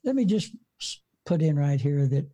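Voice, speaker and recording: Very animated yet moderately paced, the mellow, higher-pitched voice belongs to a seventy-something American preacher. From his front porch he rambles through folksy interview anecdotes, peppered with fillers.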